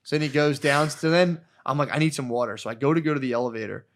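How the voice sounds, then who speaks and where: A man's voice: mid-range voice, fairly even intonation, fast. A man hosting a podcast, telling a rambling, profane story and laughing as he goes. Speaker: podcast host. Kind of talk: casual storytelling chat.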